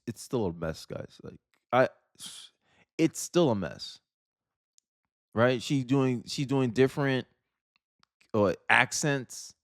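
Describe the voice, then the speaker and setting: A man's voice: medium pitch, no room sound, studio quality. A man from Florida hosting casual political commentary, talking emphatically with slang and frequent restarts.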